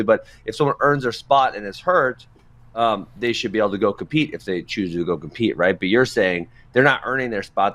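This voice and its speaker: A man's voice: fairly low pitch, a bit bright. A man co-hosting a casual podcast chat who rants emphatically and gets fired up about his points. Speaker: podcast co-host.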